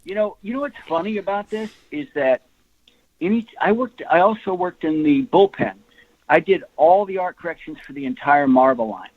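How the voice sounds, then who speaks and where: A man in his sixties tells stories about his comics career in a rambling, animated way. His voice sits a bit high. The audio is dull and lo-fi, with no room sound. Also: moderate pace, a little hiss or hum. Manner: rambling, animated, laughs often. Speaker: guest comic artist. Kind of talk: casual interview storytelling. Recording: lo-fi, dry remote audio.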